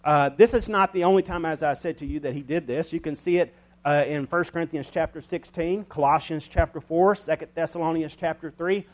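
Pastor, male, higher pitch, chatty folksy sermon delivery with chuckles. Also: brisk. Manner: folksy, conversational preaching with chuckles.

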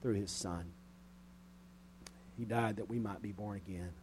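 A man preaching a sermon, rising to loud, emphatic peaks and dropping to quiet, conversational asides, slowing to stress key phrases. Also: fairly low pitch, steady tone, noisy background.

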